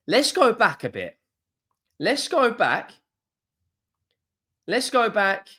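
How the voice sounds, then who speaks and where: A young man ranting in a fan video, swearing often and swinging from low muttering to loud exasperated outbursts. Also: very animated, slow pace, long pauses, slightly rough. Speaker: football fan vlogger.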